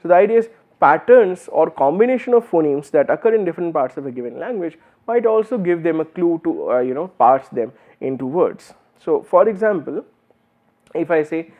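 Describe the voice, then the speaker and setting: Male lecturer with an Indian English accent, slightly high voice, explanatory and full of fillers; narrow, phone-like recording. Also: animated, moderate pace. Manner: explanatory, uses many fillers and restarts. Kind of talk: university lecture.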